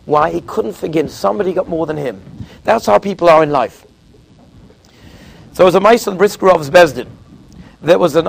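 Gravelly high-voiced man giving a Torah talk. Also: low-quality recording. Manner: storytelling, acts out quoted speakers. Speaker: rabbi. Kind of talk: Torah lecture.

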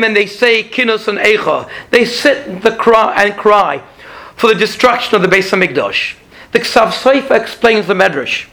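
A man delivers a Torah lecture in a high-pitched voice with a gravelly edge. He speaks earnestly and deliberately, and he slows down on the points he wants to land. The tone is that of a rabbi teaching a congregation. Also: pushed and bright. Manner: measured and earnest, slowing to stress key points.

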